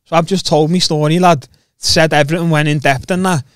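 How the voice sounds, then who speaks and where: A man's voice: fairly high pitch, steady tone, brisk, a bit bright, smooth, no room sound, studio quality. A man with a Scouse accent from Liverpool, a podcast guest telling his story casually, swearing and calling people "lad". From Liverpool, England. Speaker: podcast guest, MMA fighter.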